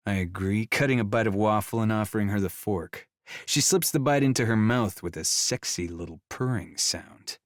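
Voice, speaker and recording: Male audiobook narrator, low voice, easygoing first-person romance read, dry booth sound. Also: normal speed, no room sound.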